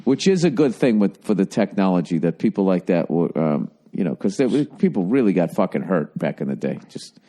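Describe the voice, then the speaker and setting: A man's voice: low voice, a little fast. A man from Boston, in his fifties, telling blunt, profane stories in casual podcast chat, acting out the people he quotes. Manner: blunt, profane storytelling with animated quoted voices. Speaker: podcast host.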